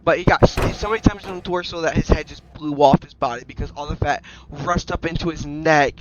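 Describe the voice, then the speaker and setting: A man narrating an improvised toy story in a rambling, excited way, restarting sentences and jumping into silly voices. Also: a little high. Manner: breaks into loud silly character voices. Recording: noisy home recording with clicks.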